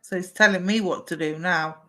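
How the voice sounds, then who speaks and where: A woman's voice: fairly low pitch, brisk, fairly bright tone. A woman, giving chatty live psychic readings on a stream and relaying messages to a sitter.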